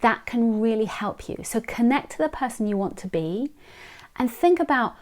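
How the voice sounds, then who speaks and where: A woman's voice: on the high side, animated, normal speed, a little mellow. A woman giving an earnest, encouraging motivational talk, coaching the listener and repeating key phrases.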